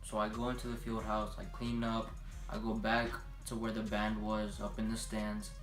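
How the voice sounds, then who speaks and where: A young man telling a story in a casual vlog, profane and animated, acting out every voice. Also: fairly low pitch, normal speed, reverberant, music in the background.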